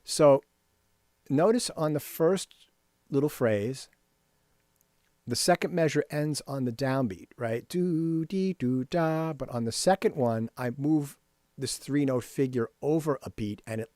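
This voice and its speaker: This man's voice is mid-range and darkish, and he talks a little slowly, with no room sound. In a screen-share lesson on rhythm for composers, he explains from his computer, scats rhythms out loud and often says "right?". Faint music runs beneath the dry, close recording.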